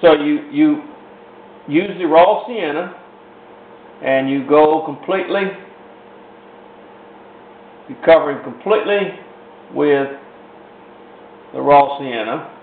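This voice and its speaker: Slow, folksy man demonstrating painting. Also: on the high side. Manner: folksy, rambling, repeats "in other words". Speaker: painting instructor. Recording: roomy, tinny lo-fi with faint hiss.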